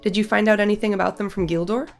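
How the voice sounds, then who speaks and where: A woman's voice: medium pitch, fairly even intonation, racing, creaky, soft background music, pitched above the performer's own voice, lightly acted. A woman with a cold reading the lines of a cheerful, curious young male hobbit in a chirpy, nosy tone. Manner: chirpy and nosy, bright questioning tone. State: has a cold.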